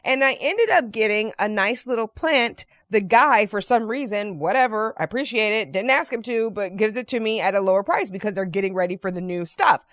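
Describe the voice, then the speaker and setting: A woman vlogger telling a casual anecdote in an animated, chatty way, often checking in with "right?" and "you know.". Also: mid-range voice, fairly quick, hardly any pauses, no room sound. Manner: playfully profane.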